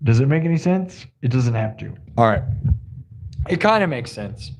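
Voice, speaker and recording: A man's voice: mid-range voice, expressive, normal speed, a little mellow. A young man hosting a live music stream, chatting in a rambling, laid-back way with lots of "dude" and "like". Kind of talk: casual rambling chat.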